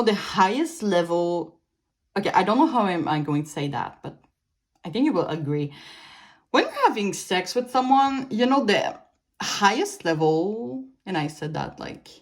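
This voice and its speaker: Woman, young adult, tarot reader, rambling delivery, fillers and restarts, mid-pitched voice. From Canada. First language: French. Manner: meandering, many fillers and restarts, light laughs. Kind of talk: casual pick-a-card tarot reading.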